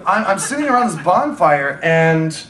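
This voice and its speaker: High-voiced American man in echoey room. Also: very animated, normal speed, a bit bright. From United States. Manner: rambling, profane, stammers and repeats words. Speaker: comedy panelist. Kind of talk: casual comedic storytelling.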